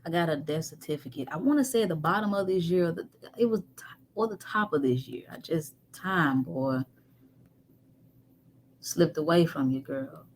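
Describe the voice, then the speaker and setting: A woman telling a painful personal story candidly, moving between animated talk and near-whispers. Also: sits low, moderate pace, a little hiss or hum. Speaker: guest. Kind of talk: emotional storytelling.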